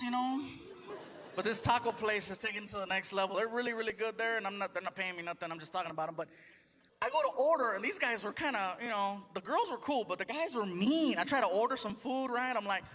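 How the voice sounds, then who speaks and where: A man performing a stand-up comedy set on a theater stage, chatty and animated with the crowd. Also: high voice, fast talker, in a large hall. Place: theater stage before a live audience. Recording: live audience noise and crowd.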